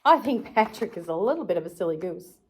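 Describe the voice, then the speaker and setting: A woman's voice: on the low side, animated, fast talker, slightly rough. Sing-song woman reading to kids. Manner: sing-song, playful, talks to kids directly. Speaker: children's arts and crafts host. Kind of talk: storybook read-aloud for children.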